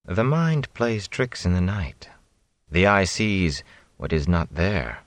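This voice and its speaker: A man reading an audiobook, voicing a commanding, imperious woman sorceress with slow, haughty speech. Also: sits low, very animated, dry recording, heavily acted. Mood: calm, aloof. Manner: slow, measured, haughty delivery. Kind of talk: audiobook character voice.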